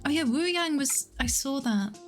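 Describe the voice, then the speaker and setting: A young woman hosts a relaxed livestream from home. She keeps up a chatty back-and-forth, reading viewers' messages out and answering them with quick giggles. Her voice sits slightly high, with quiet music playing in the background. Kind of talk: casual livestream chat.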